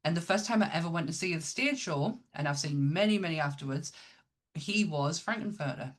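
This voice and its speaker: A podcast co-host from Northern England chats casually and enthusiastically about films, restarting her sentences often. Her voice is low, animated, and fairly quick.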